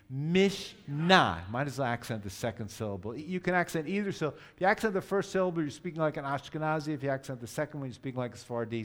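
Man teaching to a congregation. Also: medium pitch. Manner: explanatory, leads group repetition, self-correcting. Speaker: Messianic teacher. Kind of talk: teaching sermon.

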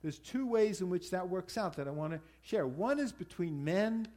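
A man with a slightly higher-pitched voice preaches to his congregation in an easy, conversational way. He pauses, restarts his phrases, and speaks directly to the people in front of him. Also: lively intonation, darkish tone. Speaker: congregation leader. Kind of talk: sermon.

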